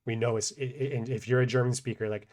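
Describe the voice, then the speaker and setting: A man explaining grammar in a relaxed, unscripted way, thinking aloud with many fillers and restarts. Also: medium pitch, quick pace. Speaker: language teacher.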